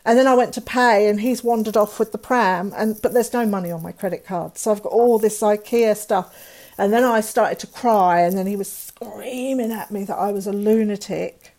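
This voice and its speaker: A woman's voice: mid-range voice, normal speed, darkish tone. Woman telling a hard personal story. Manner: candid, emotional, quotes others in dialogue. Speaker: guest.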